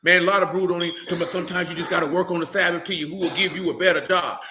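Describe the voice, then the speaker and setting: A man preaching a fiery, blunt sermon, scolding his listeners with rhetorical questions and rising to shouts. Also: high voice, steady tone, racing, hardly any pauses, roomy sound. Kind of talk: fiery street-style sermon.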